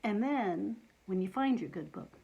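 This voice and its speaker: A woman reading a children's picture book aloud, playful and animated, with asides to young listeners. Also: mid-range voice, a little slow, vocal fry, highs cut off, slight background noise. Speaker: storytime reader.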